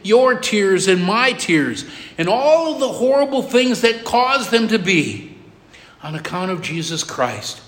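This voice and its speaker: Middle-aged male pastor, high-pitched, repetitive emphatic sermon delivery. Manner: emphatic repetition, soft drops for emotional moments. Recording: long hall reverb.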